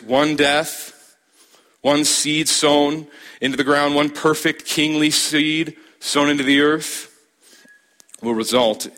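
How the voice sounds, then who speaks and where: A man preaching a sermon as a pastor, building emphasis with dramatic pauses and repeated phrases. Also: mid-range voice, pushed and bright.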